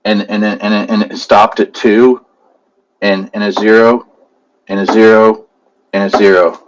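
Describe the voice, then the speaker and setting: A man's voice: fairly low pitch, flat delivery, unhurried, a little hiss or hum, low-quality recording. A man hosting a casual voice chat with traders, joking and mimicking announcements. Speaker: stream host.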